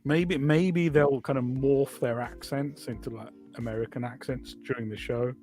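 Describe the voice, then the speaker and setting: A man's voice: medium pitch, fairly even intonation, normal speed, a little mellow, faint music behind. A man co-hosting a casual podcast, wry and sarcastic. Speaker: podcast co-host. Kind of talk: casual chat.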